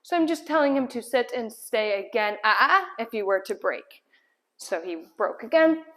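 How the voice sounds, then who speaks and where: A woman's voice: fairly high pitch, expressive, normal speed, a bit bright. A woman dog trainer explaining a puppy's sit and down stays while giving him firm commands indoors. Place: indoor room at home.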